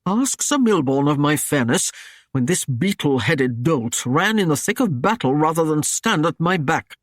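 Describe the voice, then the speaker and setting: A man reading an audiobook, voicing a stern and proud Norman knight who speaks in a gruff, commanding way. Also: fairly high pitch, sing-song, moderate pace, dry recording, clean studio sound. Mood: gruff annoyed. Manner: gruff, commanding, dryly mocking.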